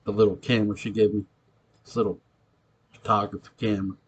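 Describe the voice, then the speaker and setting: A man's voice: on the low side, little pitch movement, fast talker, breathy edge. A young man with a New York accent, playing an ex-convict who tells a streetwise, profane story of a ghostly encounter in a gritty manner. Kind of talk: acted monologue, recounting a tale.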